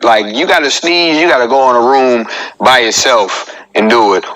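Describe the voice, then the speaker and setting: A man's voice: mid-range voice, pushed and bright, low-quality recording. A man in his thirties, a comedian hosting his own live show and joking in a chatty way as he talks straight to his viewers. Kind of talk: casual live-stream comedy monologue.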